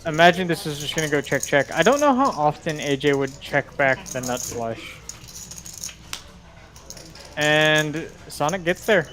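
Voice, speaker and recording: A man's voice: a little high, expressive, measured pace, pauses often, a bit bright, slight background noise. A man doing live poker commentary, chatty and joking as he calls the hands.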